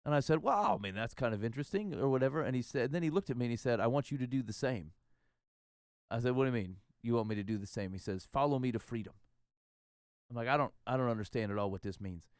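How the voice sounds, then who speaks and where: A man's voice: medium pitch, lively intonation, very fast, few pauses, smooth, dry recording, studio quality. A man telling a long, rambling, self-deprecating tall tale in casual podcast chat. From Iowa. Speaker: podcast host.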